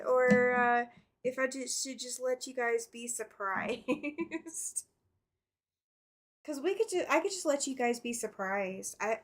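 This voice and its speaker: A middle-aged woman hosting a casual quilting livestream, chatting, reading viewer comments aloud and laughing often. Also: sits high. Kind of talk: casual live chat while sewing.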